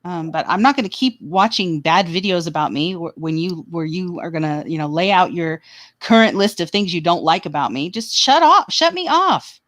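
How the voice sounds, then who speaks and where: A woman's voice: fairly low pitch, fairly quick, dry recording. A woman co-hosting a casual livestream chat, blunt and heated, swearing freely. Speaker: livestream co-host.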